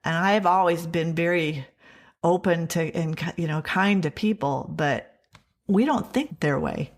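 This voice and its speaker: A woman's voice: on the low side, unhurried. Woman telling her story in an interview. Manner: animated storyteller, acts out quoted dialogue.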